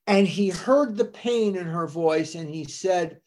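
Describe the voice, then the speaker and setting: An older speaker at a recovery fellowship gathering, telling its early history in a deliberate, storytelling way and dwelling on dates and names. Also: medium pitch, darkish tone.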